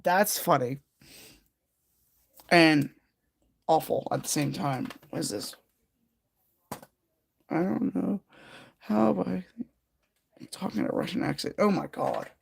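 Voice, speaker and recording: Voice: mid-range voice, animated, slow, vocal fry, pauses often, slightly rough. A livestream host chatting casually with viewers while doing a jigsaw puzzle, rambling and giggling.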